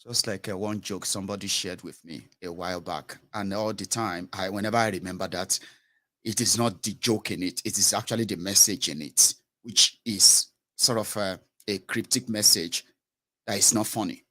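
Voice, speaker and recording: A man's voice: sits low, steady tone, moderate pace, bright, forceful tone. A man delivering a blunt political commentary monologue with many hesitations.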